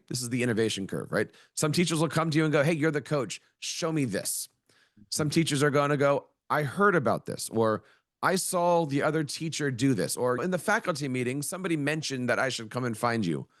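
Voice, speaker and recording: A man's voice: medium pitch, lively intonation, a little fast, dry recording, studio quality. A middle-aged man, an educator who is a guest on a podcast, telling stories in a chatty way and acting out the voices of people he quotes. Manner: storytelling, acts out quoted voices. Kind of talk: conversational interview.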